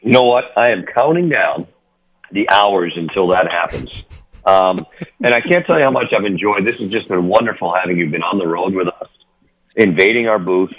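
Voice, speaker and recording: A man's voice: low-pitched, lively intonation, normal speed, a bit bright, muffled recording. A man, a hockey broadcaster, chatting by phone on a sports radio show, rambling with many fillers and restarts.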